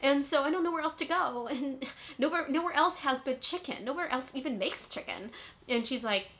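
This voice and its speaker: Woman doing a high, bright Valley Girl airhead. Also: moderate pace, a little hiss or hum. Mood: ditzy. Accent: California Valley Girl. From California. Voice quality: constant "like" fillers, airheaded whiny uptalk. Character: ditzy spoiled rich young Valley Girl. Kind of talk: comedic vlog monologue.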